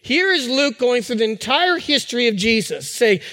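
Middle-aged male pastor, high voice, chatty sermon delivery with restarts, long hall reverb. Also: sing-song, moderate pace, sharp tone. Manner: conversational preaching with fillers and restarts.

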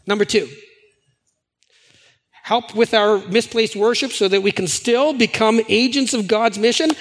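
A male pastor giving a sermon in a conversational, animated storytelling manner. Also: high voice, unhurried, big-room sound.

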